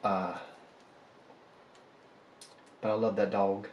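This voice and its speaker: A man's voice: lowish voice, level tone, drawn-out words, muffled recording, a little hiss or hum. A man, a polymer clay artist chatting casually and joking about himself while he sculpts. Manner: rambling, joking, self-deprecating. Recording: echoey room, faint ambience.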